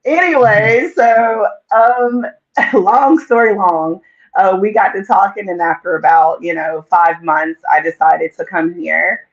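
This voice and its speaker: Animated woman in her forties, lo-fi. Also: medium pitch, unhurried. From North Carolina, USA. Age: 40s. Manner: animated, laughing, tumbling storyteller. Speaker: guest. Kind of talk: casual storytelling interview. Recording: dull lo-fi audio.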